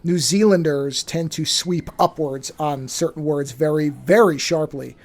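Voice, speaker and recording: A man co-hosting a podcast, talking in a halting casual way with many restarts. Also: fairly high pitch. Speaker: podcast co-host. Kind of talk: casual chat.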